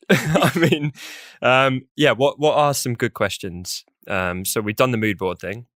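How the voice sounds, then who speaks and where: A man hosting a podcast, chatty and quick to laugh while steering the talk. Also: mid-range voice, fairly bright tone, dry recording, clean studio sound. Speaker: podcast host. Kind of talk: casual chat.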